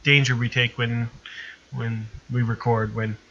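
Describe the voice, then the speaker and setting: A man's voice: medium pitch, flat delivery, measured pace, gravelly, bright, forceful tone, dull audio, slight background noise. A man, co-hosting a casual podcast from his house, easygoing and repeating himself as he talks. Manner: easygoing, repeats and restarts phrases. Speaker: podcast co-host. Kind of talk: casual chat.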